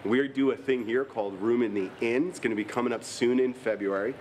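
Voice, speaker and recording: A man's voice: medium pitch, brisk, darkish tone, a little hiss or hum. A man from the church staff giving earnest, conversational announcements before the sermon.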